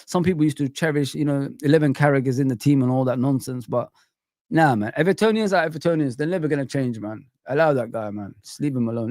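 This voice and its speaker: Ranting football stream host, dry close mic. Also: male voice, mid-range voice, dry recording. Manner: ranting, animated, calls viewers bro and man; self-described showman. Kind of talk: live-stream football chat reading comments.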